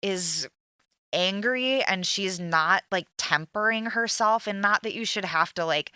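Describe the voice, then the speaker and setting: A woman's voice: mid-range voice, measured pace, bright, forceful tone, clear, resonant tone, dry recording, studio quality. A woman co-hosting a podcast, recapping a reality show in casual chat. She talks bluntly and sarcastically and swears freely. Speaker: podcast co-host.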